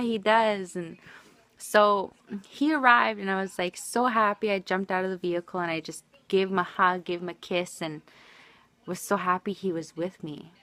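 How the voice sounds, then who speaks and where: A woman's voice: on the low side, fairly bright tone, no room sound. A married woman livestreaming, telling a personal story in an emotional, rambling way full of restarts. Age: adult, married.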